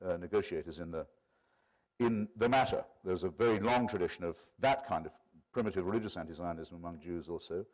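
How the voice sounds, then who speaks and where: An English man in his sixties delivering a formal lecture with his voice sitting on the low side. He speaks in a measured, erudite way. He drifts into wry asides before returning to his point. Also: a little mellow. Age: 60s. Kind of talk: public lecture.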